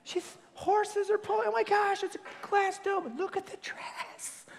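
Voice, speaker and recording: A man's voice: extremely high pitch, little pitch movement, unhurried, creaky, in a large hall, slight background noise, pitched above the performer's own voice, heavily acted. A man doing a swooning, starstruck royal-wedding fan. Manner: mocking, swooning exclamations.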